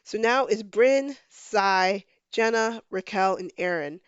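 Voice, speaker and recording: A woman hosting a podcast, recapping pop culture in casual chat, animated and blunt, swearing freely. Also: mid-range voice, takes it slowly, smooth, no room sound, muffled recording. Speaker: podcast host.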